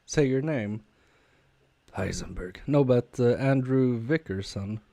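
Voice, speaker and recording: A man casually chatting with viewers on a live stream while repairing a game controller, talking haltingly with fillers and restarts. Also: medium pitch, vocal fry, mellow. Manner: halting, many fillers and restarts, chuckling asides. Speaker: repair livestreamer.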